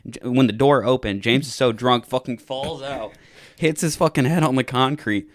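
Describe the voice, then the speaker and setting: A man's voice: mid-range voice, moderate pace, dry recording, clean studio sound. A young man co-hosting a podcast, telling a long drunken night-out story in a casual, profane way and acting out the quotes. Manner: profane, animated retelling with acted-out quotes. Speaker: podcast co-host.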